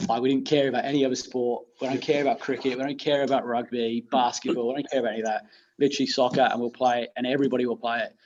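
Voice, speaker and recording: A man's voice: medium pitch, very fast, slight background noise. Chatty English man, lo-fi sound. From England. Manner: chatty, animated storytelling. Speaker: teacher, guest. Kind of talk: casual chat.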